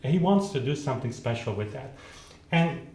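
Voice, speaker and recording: A man's voice: mid-range voice, lively intonation, normal speed, darkish tone. Man teaching at the keyboard, roomy sound. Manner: thinks aloud, restarts, sings rhythms with syllables. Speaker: piano teacher. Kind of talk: demonstrating at the keyboard, explaining. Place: room with a keyboard instrument. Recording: roomy sound, instrument playing between phrases.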